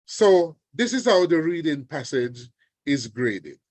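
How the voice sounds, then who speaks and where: A man teaching an online exam revision lesson, deliberate and often checking in with his students. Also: fairly high pitch, big pitch swings, a little mellow, no echo. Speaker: language teacher. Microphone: video call.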